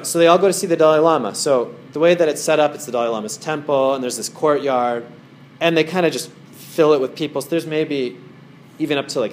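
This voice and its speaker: A man's voice: mid-range voice, a little mellow, a little hiss or hum. A man giving a casual talk as a meditation teacher to a small group in a wellness center, rambling through stories with many fillers.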